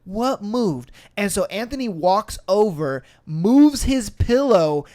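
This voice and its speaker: A man hosting a podcast, telling a story casually, acting out quotes and swearing often. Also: slow. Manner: animated, acts out quotes with shifting pitch and volume, laughs and swears often. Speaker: podcast host.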